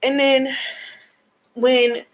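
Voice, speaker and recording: A woman's voice: high voice, level tone, drawn-out words, rough recording. A young adult woman venting in an emotional personal vlog, frustrated and tearful, at times crying as she talks. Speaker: vlogger.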